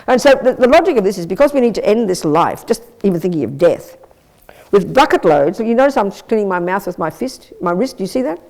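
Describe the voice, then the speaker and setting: A woman teaching as a Buddhist nun, giving a blunt, lively, conversational dharma talk and answering questions from her listeners. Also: medium pitch, fairly quick. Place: Buddhist centre teaching room.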